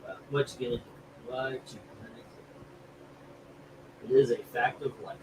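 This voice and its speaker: A man's voice: medium pitch, fairly even intonation, racing, noisy background. A man hosting a live comic book auction stream, chatting casually and rambling with jokes, feeling sick from food poisoning. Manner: rambling, jokey, laughs easily.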